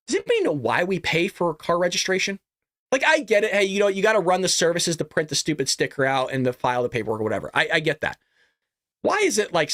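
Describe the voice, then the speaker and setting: Reading an ad before ranting heatedly with plenty of rhetorical questions, a man from California hosts his own casual political commentary show. He speaks on the high side with a fairly bright tone, recorded cleanly in a studio without echo.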